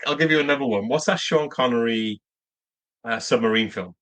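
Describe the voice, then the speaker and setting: A man's voice: mid-range voice, brisk, a bit bright. Rambling man mid-chat. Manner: rambling, searching for words. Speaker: podcast co-host. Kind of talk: casual film discussion.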